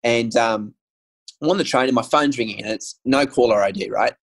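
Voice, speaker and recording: A man's voice: mid-range voice, brisk, rough recording. A man, a guest telling a personal story in casual conversation, earnest and candid, with frequent ums and restarts. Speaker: guest sharing his story.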